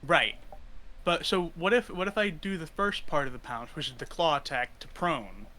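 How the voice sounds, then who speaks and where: A man's voice: fairly high pitch, normal speed, bright, forceful tone. A man playing a tabletop game, describing his character's moves hesitantly with many fillers. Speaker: player.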